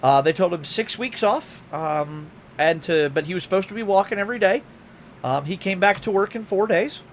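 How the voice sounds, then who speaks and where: A man's voice: high-pitched, normal speed, slight background noise. A man streaming live, telling stories in casual chat, swearing and acting out what people said. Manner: storytelling, swearing, acting out quotes.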